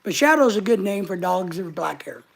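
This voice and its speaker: A man's voice: high-pitched, expressive, brisk, creaky. Jokey man hosting a live chat. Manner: jokey, reads viewer comments aloud. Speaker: livestream host. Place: home living room couch.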